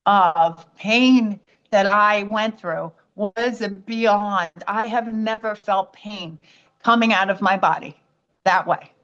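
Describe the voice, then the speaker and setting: American woman telling an animated story. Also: medium pitch, slow pace, highs cut off. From United States. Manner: animated storytelling, acts out quoted voices. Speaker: podcast guest. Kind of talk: personal storytelling.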